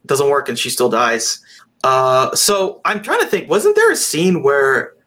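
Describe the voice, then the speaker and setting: Rambling, animated man reviewing a film. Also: medium pitch, a little slow. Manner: rambling, animated, swears casually. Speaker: podcast co-host. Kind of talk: casual movie review chat.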